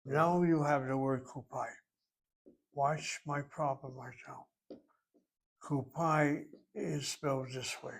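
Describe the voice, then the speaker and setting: A man teaching a Hebrew class, explaining grammar in a deliberate, step-by-step way and sometimes thinking aloud. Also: mid-range voice, fairly even intonation, creaky.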